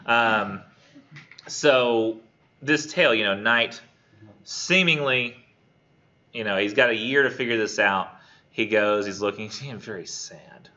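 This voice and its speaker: A man teaching a college English class, animated and joking. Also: on the low side, unhurried, long pauses. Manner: animated, joking, self-deprecating. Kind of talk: jokey classroom lecture. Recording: muffled lo-fi classroom recording.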